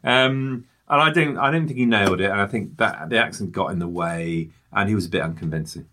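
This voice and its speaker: A man's voice: on the low side, a little fast, bright, forceful tone. A man, co-hosting a casual film review with jokey, rambling asides.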